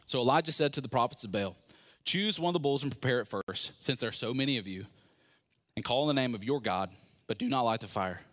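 Animated, sarcastic male preacher. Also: mid-range voice, quick pace. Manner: animated, sarcastic storytelling with acted-out quotes. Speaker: pastor. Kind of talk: sermon.

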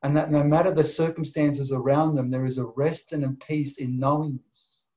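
A man preaching a sermon, swinging from emphatic bursts to soft, near-whispered lines. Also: a little high, level tone, moderate pace. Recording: dull lo-fi sound.

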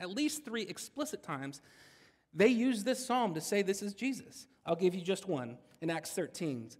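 A man gives a sermon from the pulpit in an easy, conversational manner. His voice sits a touch higher than most men's. The church hall around him adds a long, lingering reverb. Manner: conversational, jokes with the congregation. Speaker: pastor.

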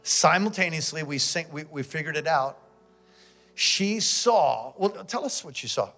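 A man preaching a sermon as pastor, with fervent call-and-response that swings between shouting and quiet storytelling. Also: a little high, animated, measured pace, faint music behind.

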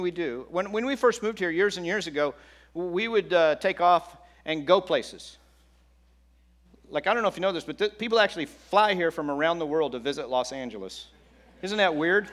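With a voice a little high and a fairly bright tone, a middle-aged man preaches to his congregation as their pastor, conversationally and with frequent questions to them.

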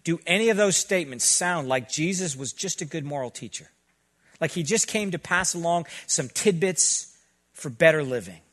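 A man with a somewhat high voice delivers a sermon, speaking earnestly to his congregation. He sounds middle-aged and keeps it conversational, slipping into quick asides. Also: lively intonation, a bit bright. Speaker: pastor.

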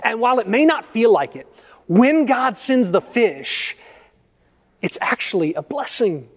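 A man's voice: very high voice, very animated, breathy edge. Man preaching in an echoey hall. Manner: measured storytelling preaching, posing questions to the congregation. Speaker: pastor. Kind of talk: sermon. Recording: echoey church hall, dull lo-fi sound.

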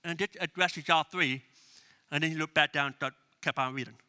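A man's voice: fairly high pitch, brisk, sharp tone, clear, resonant tone. A man preaching a sermon as pastor, emphatic and repetitive, leading the congregation to repeat phrases after him. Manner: emphatic, repeats key phrases, leads congregation call-and-response.

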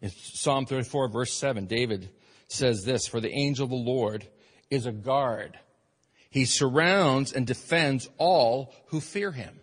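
A male pastor delivering a sermon to his congregation with an emphatic preaching manner. His voice sits at an ordinary middle pitch for a man. It rings out with the long reverb of a church hall. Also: a little slow, slightly rough. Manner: emphatic preaching, rising and falling in force.

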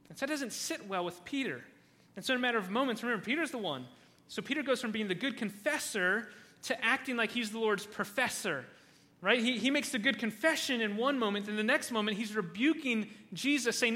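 A male pastor with a high, bright voice preaching a sermon. He speaks emphatically and often stumbles and repeats words as he restarts. His voice carries a long reverb from the hall. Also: a little fast.

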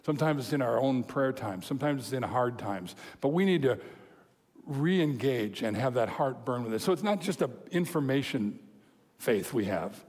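A man preaching a sermon, telling a story with lively quoted voices and chuckles. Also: mid-range voice, normal speed, breathy edge. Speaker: pastor. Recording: long hall reverb.

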